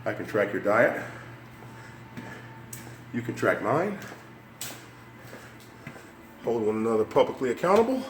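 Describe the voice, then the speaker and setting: A man's voice: mid-range voice, very animated, measured pace, pauses often, slight background noise. An older man doing a motivational fitness vlog while climbing stairs, slightly winded, upbeat and coaxing as he talks straight to viewers. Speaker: fitness vlogger.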